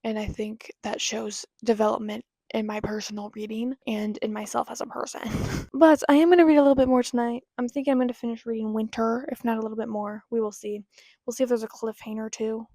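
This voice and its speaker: A young woman chatting casually in a reading vlog, rambling and self-deprecating, with quiet asides now and then. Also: on the high side, level tone, fairly quick, dry recording. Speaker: book vlogger.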